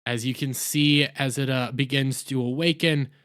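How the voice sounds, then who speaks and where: A man's voice: mid-range voice, fairly even intonation, normal speed, a bit bright, clean tone. A man casually recapping an anime episode, rambling with lots of fillers and correcting himself mid-sentence. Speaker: anime reviewer.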